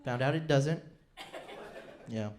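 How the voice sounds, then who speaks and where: A man's voice: mid-range voice, takes it slowly, a little mellow, a little hiss or hum. Young male comic in his 20s, rambling self-mocking stage delivery. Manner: rambling, self-deprecating, restarts often. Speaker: stand-up comedian. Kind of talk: stand-up routine. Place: comedy club stage.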